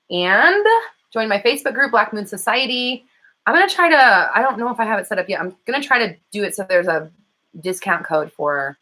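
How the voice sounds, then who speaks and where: On poor audio, a law of attraction coach and host chats casually with her livestream viewers, her bright voice sitting on the low side. By her own account she talks fast, and she's chatty, leaning on fillers like "um" and swearing often.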